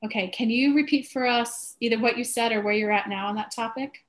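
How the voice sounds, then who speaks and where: A woman coaching a client, animated when acting out others' words and softer when guiding. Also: on the high side, fairly quick. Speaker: spiritual coach. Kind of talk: coaching session.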